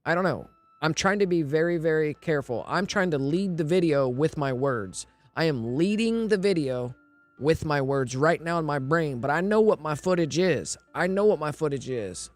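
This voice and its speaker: A man's voice: on the high side, expressive, normal speed, no room sound, faint music behind. A man streaming live, rambling and thinking aloud in casual talk, often repeating himself and asking if you know what he means.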